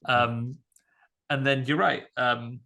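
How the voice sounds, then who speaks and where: Male podcast host, tense bright tone, wry casual chat. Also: mid-range voice, fairly even intonation, takes it slowly, creaky. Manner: chatty, wry, many fillers.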